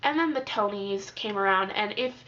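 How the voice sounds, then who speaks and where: Young woman talking books, chatty and animated, slightly muffled lo-fi sound. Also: mid-range voice, moderate pace. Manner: chatty, animated, lots of "like" and quoted reactions. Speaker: book reviewer. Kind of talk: casual book review monologue. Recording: slightly dull lo-fi audio.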